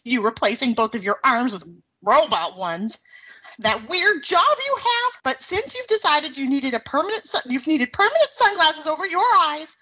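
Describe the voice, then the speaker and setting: A woman playing a high, exasperated wife. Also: expressive, normal speed, sharp tone, low-quality recording. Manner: emotional, pleading, tearful. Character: exasperated young wife at counseling.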